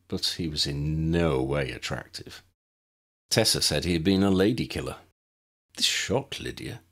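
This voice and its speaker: A man narrating his own audiobook as a scripted, expressive storyteller. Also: sits low, gravelly, breathy edge.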